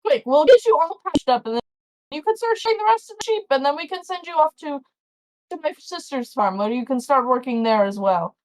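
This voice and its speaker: A woman's voice: high voice, animated, a little fast, pitched above the performer's own voice. A woman voicing a fussy, chatty old male farmer who babbles on. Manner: babbling, doting, rambling.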